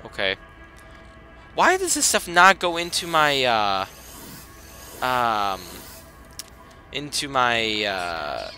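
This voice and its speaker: Male gamer, mid-pitched, slow and drawn out, yelps and gripes between quiet muttering, game music underneath. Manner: excitable, exclaims and complains with sudden outbursts; self-talk, mutters and trails off while managing inventory. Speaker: gaming commentator. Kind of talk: casual let's play commentary.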